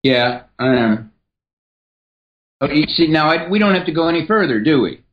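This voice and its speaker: A man speaking as a podcast guest and writer, explaining ideas in a measured, teacherly way. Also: a little high, expressive, lo-fi sound. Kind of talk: explanatory interview talk.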